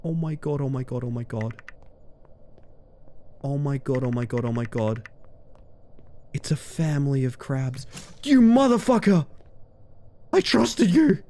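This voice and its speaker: A man streaming a game live, chatting with his viewers, excitable, swearing and yelping at every surprise. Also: medium pitch, a little slow, long pauses, slight background noise. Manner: chats with viewers.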